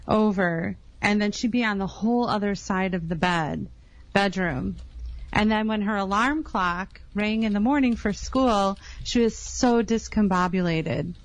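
A woman's voice: medium pitch, no echo, low-quality recording. A woman guest on a live podcast, chatting casually and telling playful confessions. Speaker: news correspondent guest.

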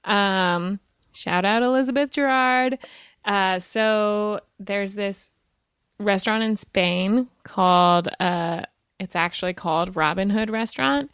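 A woman hosts a podcast in relaxed, chatty conversation, laughing often and filling pauses with "um" and "like". Her voice is smooth and clear at a middle pitch. The sound is dry and close. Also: dry recording. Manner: chatty, giggly, many fillers. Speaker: podcast host. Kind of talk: casual chat.

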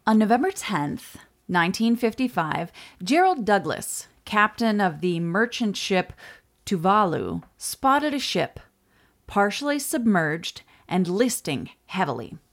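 A woman co-hosting a podcast, telling a history story in a relaxed way with quick asides. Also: mid-range voice. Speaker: podcast co-host. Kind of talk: storytelling chat.

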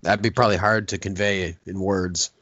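A man's voice: sits low, fairly even intonation, normal speed, a bit bright, no echo, dull audio. A man co-hosting a casual film podcast, joking dryly and reading listener comments aloud. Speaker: podcast co-host.

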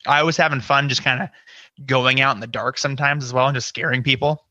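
A man's voice: medium pitch, steady tone, fast, bright, forceful tone, dry recording, lo-fi sound. A man guesting on a podcast, telling a story casually with lots of "you know" and acted-out inner quotes. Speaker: podcast guest, scare actor.

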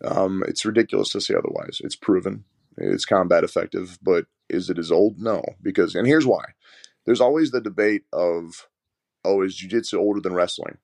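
A man who is a head wrestling coach, telling rambling, animated stories in a casual interview and often repeating his words. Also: deep voice, moderate pace, vocal fry, no echo, clean studio sound.

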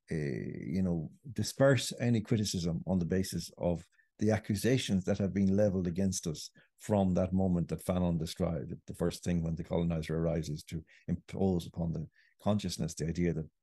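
Middle-aged Irish man, podcast guest, earnest argument, very low voice, dry close sound. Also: dark tone, breathy edge, no echo. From Ireland. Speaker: guest writer. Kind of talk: podcast interview.

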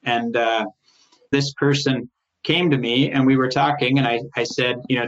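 Middle-aged man, firm manager, recounts anecdotes animatedly with mid pitch; slightly dull recording. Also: moderate pace. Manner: animated, rises in pitch when quoting others, frequent restarts. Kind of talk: conversational storytelling interview. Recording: slightly muffled, lo-fi sound.

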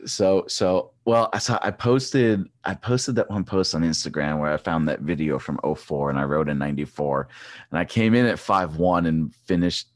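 A man in his forties, a former track cyclist, chatting as a podcast guest and telling rambling, animated stories with many restarts. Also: low voice, moderate pace, dry recording, clean studio sound. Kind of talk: casual chat.

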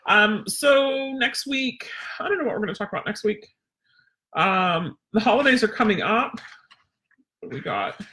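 A woman's voice: mid-range voice, big pitch swings, moderate pace, long pauses, sharp tone. A woman dog trainer teaching a casual live webinar, chatty and rambling with lots of fillers.

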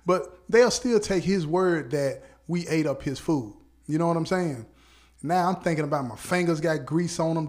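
Animated man spinning a casual story. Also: fairly high pitch. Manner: animated, laughs often, peppers speech with "you know what I'm saying". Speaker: podcast host.

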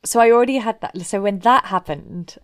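Podcast co-host, woman, lively and amused, bone-dry mic sound. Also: medium pitch, no room sound. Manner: animated, quick, amused. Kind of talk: casual chat.

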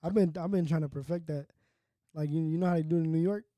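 A man from California chatting casually on a podcast, chiming in with quick reactions and laughs. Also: fairly high pitch, mellow, no room sound. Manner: chimes in with short reactions and laughs. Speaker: podcast co-host. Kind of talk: casual chat.

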